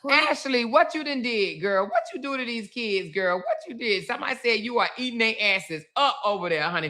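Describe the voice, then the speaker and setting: A woman's voice: mid-range voice, pushed and bright. A woman hosting a live stream with casual, sassy commentary, teasing and laughing as she reacts.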